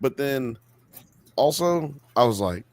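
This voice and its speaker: A man's voice: medium pitch, expressive, slow, darkish tone. A man co-hosting a live podcast who jokes around in a goofy, gross-out way. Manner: goofy and joking, given to gross-out humor. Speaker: podcast co-host. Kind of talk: casual banter on a live podcast.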